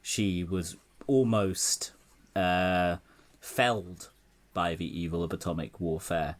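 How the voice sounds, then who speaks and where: Sardonic man, low voice. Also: fairly even intonation, slow. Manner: sardonic, swears freely. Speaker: podcast host. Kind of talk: casual political chat.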